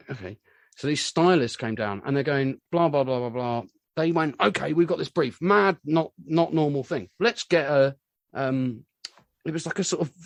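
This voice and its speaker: A man in a casual interview, a musician who rambles through his stories with lots of asides. His voice sits mid-range and sounds close and dry. He gets animated whenever he quotes other people. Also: medium pitch, no room sound. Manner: rambling storyteller, animated when quoting others. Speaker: musician guest.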